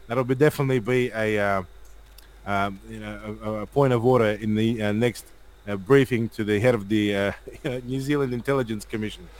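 A man's voice: on the low side, fairly even intonation, low-quality recording. A man hosting a live stream, reading viewer comments and listing points with many fillers. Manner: rapid, repetitive listing, hesitant fillers. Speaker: livestream host.

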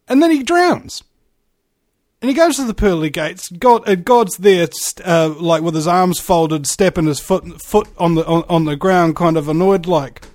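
A male host in casual conversation, halting with many fillers and restarts, telling stories. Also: high voice, expressive, a little mellow, no room sound, clean studio sound. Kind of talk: conversational interview.

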